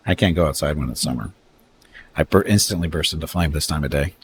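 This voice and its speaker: Very deep-voiced male streamer. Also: fast talker, slight background noise. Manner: reads unit stats aloud, chats with viewers. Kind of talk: casual live-stream commentary.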